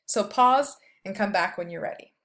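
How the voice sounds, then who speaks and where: A woman professor records a lecture over her slides, speaking at a mid-range pitch. She explains in a loose, casual way with plenty of fillers, as if talking straight to her students. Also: animated, a bit bright. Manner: reads verse slowly, stressing each beat.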